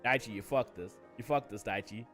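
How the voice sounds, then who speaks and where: A man's voice: fairly low pitch, a little fast, a bit bright, soft background music. A man chatting casually on a gaming stream, joking and swearing freely as he plays. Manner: joking, swears freely, reads game dialogue aloud.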